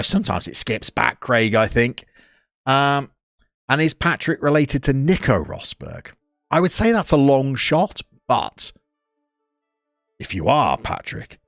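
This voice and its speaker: West Midlands streamer, early forties, jokey and animated, dry close sound. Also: male voice, mid-range voice, no echo. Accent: West Midlands English. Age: 40s. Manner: jokey, teasing banter with viewers. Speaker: streamer reading live chat. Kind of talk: live stream chat.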